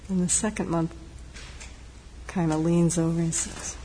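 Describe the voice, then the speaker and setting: Gentle woman giving a meditation talk. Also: on the low side, flat delivery. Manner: gentle, reflective, unhurried with pauses. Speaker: meditation teacher. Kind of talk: dharma talk. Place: meditation hall. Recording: long hall reverb, faint noise.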